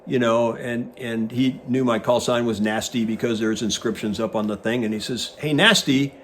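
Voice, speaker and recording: Animated older man telling a story. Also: medium pitch, moderate pace, a little hiss or hum. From United States. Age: 60s. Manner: animated storyteller who acts out quoted dialogue. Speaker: guest host, retired Navy pilot. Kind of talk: casual anecdote telling.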